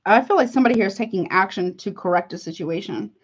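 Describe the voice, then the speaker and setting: A woman's voice: mid-range voice, fast talker. A woman doing a casual tarot reading for her viewers, chatty and heartfelt, calling listeners honey. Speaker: tarot reader. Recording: slightly dull lo-fi audio.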